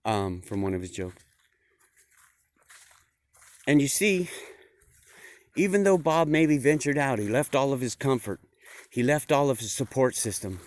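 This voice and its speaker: A man's voice: medium pitch, animated, measured pace, long pauses. A man giving a casual, folksy monologue, repeating himself and calling his listeners folks. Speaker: vlogger.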